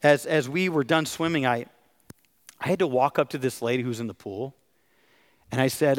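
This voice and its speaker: Pastor preaching in a reverberant hall. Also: male voice, mid-range voice, moderate pace, pauses often. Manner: preaching with questions to the congregation. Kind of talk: sermon.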